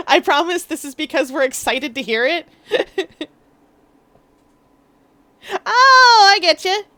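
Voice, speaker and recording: A young woman from Canada's Maritimes chats casually on a live stream while gaming, giggling often and rambling through asides. Her voice sits on the high side with a fairly bright tone.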